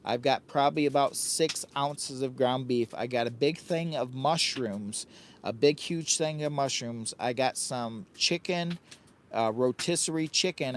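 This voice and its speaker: A man in his fifties with a Midwestern American accent, live streaming from a hot tent while camping. He rattles along in a hyper, jokey ramble and drifts into sing-song asides. His voice sits at an ordinary middle pitch, with faint background noise. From United States. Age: 50s. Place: tent with a stove on a windy day, outdoors.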